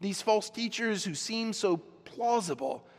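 Pastor preaching in an echoing church. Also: male voice, high-pitched, expressive, a little slow. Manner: earnest, conversational, with fillers. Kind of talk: sermon. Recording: long reverb in large hall.

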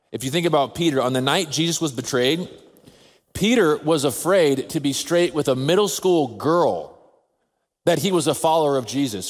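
Earnest preaching man in a reverberant hall. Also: mid-range voice. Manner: earnest, measured preaching with slow emphatic pauses. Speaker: pastor. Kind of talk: sermon. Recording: long reverb of a large hall.

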